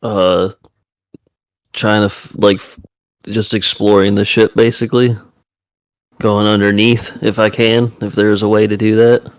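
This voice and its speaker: A male player with a low, flat voice describes what he does in a tabletop game, halting and loose. The sound is dry and close. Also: clear, resonant tone, no room sound. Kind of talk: casual tabletop game play.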